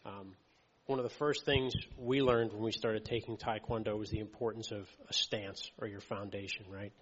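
A man's voice: lowish voice, fairly even intonation, moderate pace, slightly rough. A man preaching a sermon in an easygoing, conversational way, often checking in with "okay" and "right". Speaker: lay preacher. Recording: muffled audio with long hall reverb.

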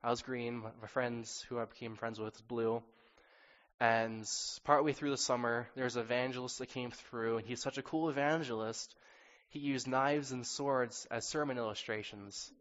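Mid-pitched and fairly bright, with even intonation and a moderate pace, this young preacher speaks through a sore throat, weaving honest, earnest personal testimony into his sermon. The hall recording sounds dull and carries long reverb.

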